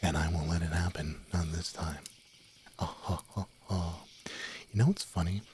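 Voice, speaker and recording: A young man with a very low voice chats softly into a desk mic before bed. He rambles, giggles, and drifts into whispers as he talks with his viewers. A faint hiss sits under the recording. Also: steady tone, moderate pace. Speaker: streamer. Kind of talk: soft-spoken late-night stream chat. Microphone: desk microphone, no windscreen.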